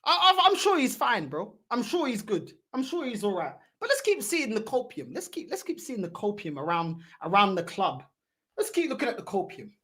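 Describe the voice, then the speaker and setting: A woman's voice: a little high, very animated, moderate pace, a bit bright, slightly rough. A woman hosting a fan channel, giving mocking, heated reaction commentary and repeating her points.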